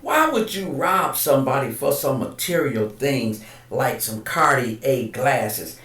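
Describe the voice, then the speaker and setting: Podcast host, man, higher-pitched voice, preachy and indignant, off-mic in a roomy space. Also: distant mic. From Detroit. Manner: rapid-fire rhetorical questions, indignant and preachy. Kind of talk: impassioned monologue. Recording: echoey room, voice set back from the mic.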